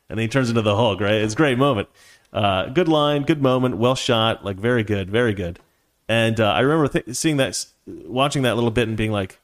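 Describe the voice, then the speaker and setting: An adult man, past his teens, hosts a casual livestream, reading out viewer comments and rambling along, correcting himself and laughing often. His voice is medium in pitch and brisk.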